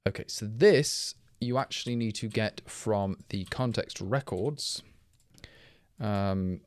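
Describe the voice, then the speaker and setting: A man's voice: lowish voice, slow pace. A man, a little tipsy from drinking, thinking aloud and correcting himself as he talks through live coding. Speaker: programmer streaming live.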